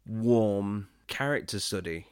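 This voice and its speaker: A man from Britain co-hosting a film podcast in a casual, chatty way, often breaking into laughter and getting animated when something excites him. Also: on the low side, takes it slowly, clear, resonant tone, no room sound, studio quality. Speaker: podcast co-host.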